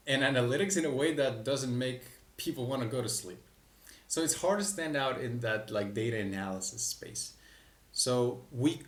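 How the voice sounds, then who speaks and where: A man, a business coach, explaining ideas in a candid, casual way with self-deprecating asides. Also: medium pitch. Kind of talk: casual talking-head explanation. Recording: echoey room, mic at a distance.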